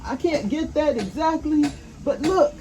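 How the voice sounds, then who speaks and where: A woman's voice: sits high, animated, low-quality recording. An older woman, reading a picture book aloud to her grandchildren and asking them questions. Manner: slow, gentle, asks the listener questions. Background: faint roofing work noise.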